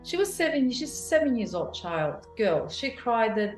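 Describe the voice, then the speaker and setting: Woman in her forties, interview guest, emotional animated retelling, many restarts, slightly high voice, echoey room. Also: a little slow. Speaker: guest, clinic founder. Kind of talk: personal story in an interview. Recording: roomy echo, faint music.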